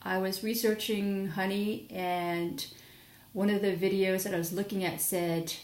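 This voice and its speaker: A woman's voice: medium pitch, level tone, a little slow, a little mellow, roomy sound. A young adult woman chatting casually in a rambling product review vlog, sleepy and full of fillers and restarts. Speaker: vlogger.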